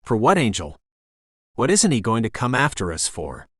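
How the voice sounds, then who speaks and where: A man's voice: medium pitch, wildly swooping pitch, normal speed, husky, no echo, clean studio sound. A man voicing a protective, determined young man who speaks urgently and firmly in an audiobook.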